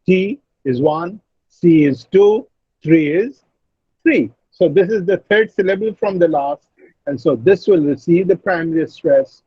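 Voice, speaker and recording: A husky-voiced Indian man lectures slowly and patiently over a video call. His voice sits a little high for a man and sounds dry and close. The audio is dull and lo-fi. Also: no room sound. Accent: Indian English. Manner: slow, methodical explaining, frequent throat clearing. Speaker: English teacher. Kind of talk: online class lecture.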